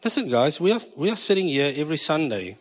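A South African pastor preaches to his congregation with a slightly high voice, teasing them and mixing in Afrikaans asides. His voice carries a long echo around the church hall. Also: very animated, fast talker, fairly bright tone. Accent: South African English. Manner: jokey, switching between English and Afrikaans. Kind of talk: sermon.

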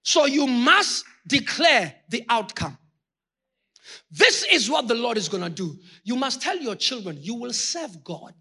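High, bright, husky-voiced preacher man. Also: big pitch swings, measured pace. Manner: impassioned preaching with shouted peaks; addresses the congregation directly. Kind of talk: sermon.

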